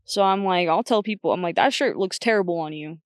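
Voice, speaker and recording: A woman's voice: fairly low pitch, a little fast, no room sound. Blunt, chatty young woman, dry sound. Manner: blunt, chatty, quotes herself a lot. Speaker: podcast guest. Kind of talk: casual chat.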